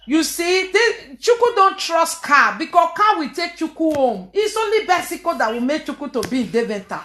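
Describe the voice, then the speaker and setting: A woman's voice: sits high, big pitch swings, moderate pace, pushed and bright, roomy sound. A woman filming a casual home vlog, coaxing a crying child and laughing often. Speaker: vlogger filming her family.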